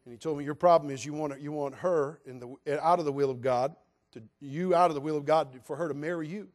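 A man's voice: on the high side, fairly quick. An older man from California preaching a sermon from the pulpit in a folksy, dramatic storytelling manner. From California, USA. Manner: folksy, dramatic, mimics quoted voices in hushed tones.

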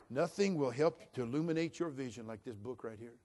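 A man preaching a sermon, dropping to a hush and then building to loud, fervent shouts. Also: medium pitch, a little fast, hardly any pauses, slight background noise. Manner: dynamic preaching, swinging from hushed to shouting. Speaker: pastor.

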